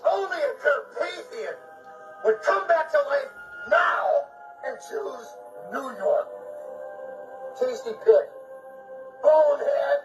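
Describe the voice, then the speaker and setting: A deadpan wisecracking ghost hunter. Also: male voice, very high-pitched, takes it slowly, long pauses, lo-fi sound, over loud music, full character voice. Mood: mocking. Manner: dry teasing deadpan quips. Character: sardonic wisecracking male ghost hunter, middle-aged. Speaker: wisecracking ghostbuster in a film clip.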